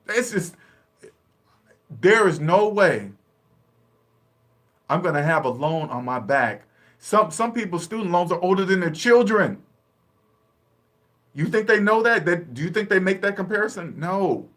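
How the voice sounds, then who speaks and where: A man talking bluntly and casually about money and debt, laughing often and acting out quick little dialogues. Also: high-pitched, expressive, fairly bright tone. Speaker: personal finance vlogger. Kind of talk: casual live-stream talk.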